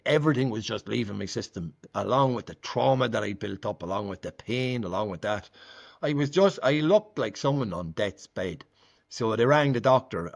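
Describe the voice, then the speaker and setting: A man's voice: fairly low pitch, vocal fry. A man in conversation, candidly recounting his recovery story and acting out the dialogue in it. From Ireland. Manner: candid, frequent "like" fillers, acts out quoted dialogue. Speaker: guest sharing recovery story.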